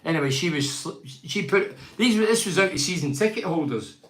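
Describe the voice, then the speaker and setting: A man's voice: sits high, expressive, fairly quick, a bit bright, slight background noise. Blunt man in an echoey room. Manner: blunt, ranting, quotes others in mock voices. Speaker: football pundit reading fan emails. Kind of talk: casual opinionated match review.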